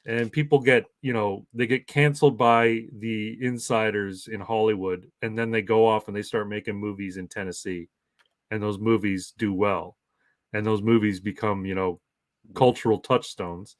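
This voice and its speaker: A man's voice: lowish voice, fairly even intonation, normal speed, dry recording. A man in his forties from Canada, chatting casually as a podcast host, rambling along with many false starts and repeated words. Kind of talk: casual chat.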